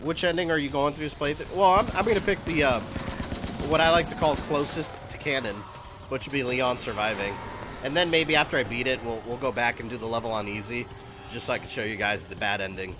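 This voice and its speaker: A man's voice: mid-range voice, fairly quick, background noise. A man streaming a video game, giving casual, rambling commentary full of fillers. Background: game music.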